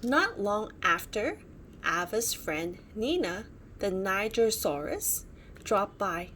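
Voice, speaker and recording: A woman reads a bedtime storybook aloud, slowly and with plenty of expression. Her pitch rises and falls widely, and she stops to point out the pictures. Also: lively intonation, a bit bright, slight background noise.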